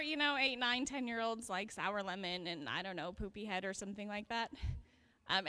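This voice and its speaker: A woman's voice: a little high, a bit bright. A young woman recalling fond childhood stories about her cousin at a memorial, with light laughter. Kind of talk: memorial remembrance speech. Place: memorial gathering.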